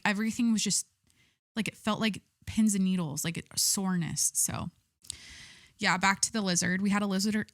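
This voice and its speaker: A woman's voice: medium pitch, fairly bright tone, no echo, clean studio sound. A young adult woman hosting a podcast, talking casually and rambling with lots of filler words. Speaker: podcast host. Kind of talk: casual chat.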